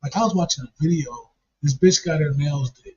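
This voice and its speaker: Man, husky voice, slightly high, rambling profane banter, dull lo-fi recording. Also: a little fast, a little mellow. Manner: rambling, repeats himself. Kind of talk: casual profane chat.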